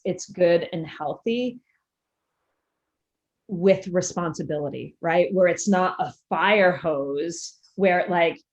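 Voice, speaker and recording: A woman's voice: on the low side, darkish tone, highs cut off. A woman guest who works as a coach, talking candidly and openly about her own parenting. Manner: candid and open, laughing easily. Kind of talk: casual interview chat.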